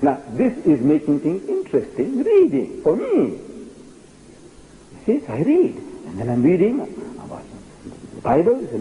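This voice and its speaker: An older man from South Africa giving a storytelling lecture, animated and emphatic, often repeating key phrases. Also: on the high side, measured pace, dull audio, a little hiss or hum.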